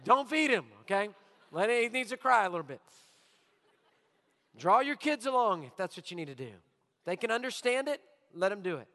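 A man's voice: high voice, lively intonation, normal speed, sharp tone. A middle-aged man preaching a sermon as pastor, emphatic, repeating his key lines for his congregation. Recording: long hall reverb.

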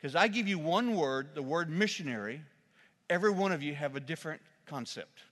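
A man with a high, bright, ringing voice delivers a sermon from the pulpit of a church. He tells stories with humor and breaks into loud, shouted quotations. The sound carries a long hall reverb. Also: lively intonation, fairly quick. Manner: storytelling with shouted acted quotes and humor. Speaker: pastor.

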